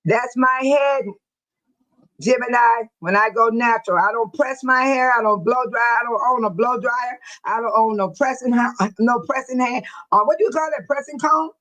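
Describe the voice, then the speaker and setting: Picture an older woman hosting her own livestream, chatting with her viewers as if they were old friends. Her voice sits high and light, and she breaks into laughter as her stories run along. She talks to people by name and keeps it loose and unscripted. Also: moderate pace, fairly bright tone, low-quality recording. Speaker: livestream host. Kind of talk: casual chat to viewers.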